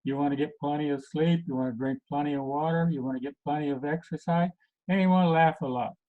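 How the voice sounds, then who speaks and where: Male health coach, casual group talk, fillers, pitched a bit high, phone-like audio. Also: steady tone. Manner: halting, many fillers. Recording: tinny phone-like recording.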